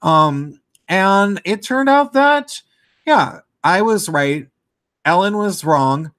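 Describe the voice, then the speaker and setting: YouTuber vlogging solo, male, slightly high, rambling and animated delivery. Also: slow. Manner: animated, rambling, with frequent fillers and restarts. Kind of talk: casual chat to camera.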